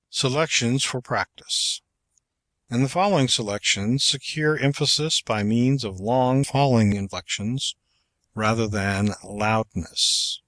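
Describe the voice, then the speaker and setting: Male audiobook narrator, unhurried textbook reading, mid-range voice, dry close recording. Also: mid-range voice, fairly bright tone, dry recording. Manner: slow, measured reading of numbered exercises. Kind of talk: scripted narration of a public speaking textbook.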